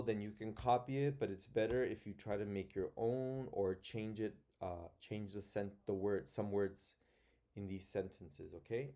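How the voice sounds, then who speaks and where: A male teacher with a lowish, mellow voice leads young children through a phonics lesson. He talks slowly and patiently, sounding words out letter by letter and reading sentences aloud in chunks.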